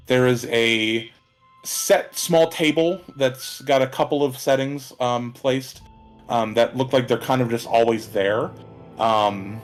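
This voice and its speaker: Man narrating as game master. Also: mid-range voice. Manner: relaxed, many fillers.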